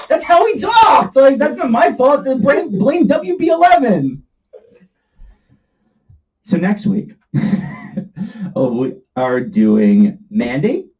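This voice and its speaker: Playful podcast host with a lively, dark voice. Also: male voice, high-pitched, slow, pauses often, rough recording. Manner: playful, jokey, tries silly accents. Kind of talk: casual movie-review podcast banter.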